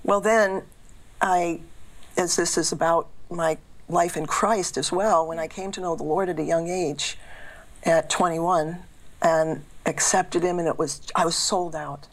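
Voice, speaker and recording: A woman's voice: on the low side, steady tone, a little slow. A woman in her sixties from the Boston area, a guest telling her faith story in an earnest, reflective way. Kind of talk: faith testimony in casual interview.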